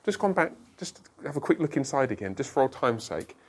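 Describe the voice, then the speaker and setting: Lively man leading a Bible class. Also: medium pitch, breathy edge. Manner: animated, questioning the group, quick asides. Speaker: Bible study leader. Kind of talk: interactive Bible class teaching.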